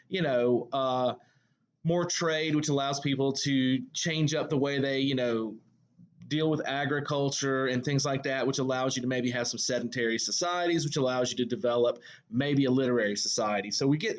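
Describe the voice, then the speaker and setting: A man's voice: mid-range voice, dull audio. A male English teacher with a Southern US accent giving a recorded lecture. He talks in a conversational way, full of fillers and self-corrections. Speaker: high school English teacher.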